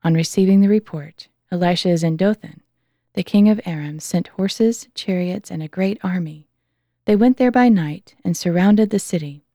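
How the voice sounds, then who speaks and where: Female scripture reader, lowish mellow voice, measured and calm, dry close mic. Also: no room sound. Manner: calm, measured, slows for quoted speech. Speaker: Bible reader. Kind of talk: scripture reading.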